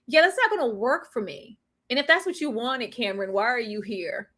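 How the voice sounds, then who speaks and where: A woman giving sassy, animated commentary on a live stream about a reality show, cutting in with mocking impressions. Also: high-pitched, moderate pace. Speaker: co-host of a reality show recap.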